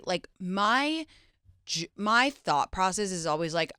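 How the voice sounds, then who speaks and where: Woman host, lively bright voice, frank and expressive, smooth and clear. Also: on the low side, a little slow, no room sound, studio quality. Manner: expressive, frank, reacting with disgust. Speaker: podcast host. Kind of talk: advice podcast chat.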